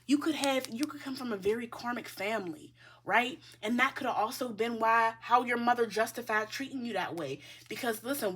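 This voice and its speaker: A woman's voice: fairly high pitch, normal speed, fairly bright tone, breathy edge. A woman giving a tarot reading in a casual, chatty way. She speaks bluntly, swears freely and keeps addressing her listeners as the collective. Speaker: tarot reader.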